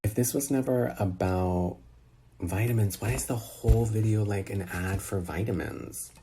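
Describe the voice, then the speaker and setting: A man's voice: fairly low pitch, moderate pace, crowd noise. A man giving sassy, exasperated commentary in a casual reaction chat over a video call.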